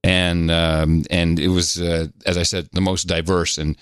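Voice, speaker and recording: A man hosting a podcast, reading out listener donations and notes in a casual, halting way with many filler pauses. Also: low voice, flat delivery, clean tone, dry recording, clean studio sound. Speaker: podcast host.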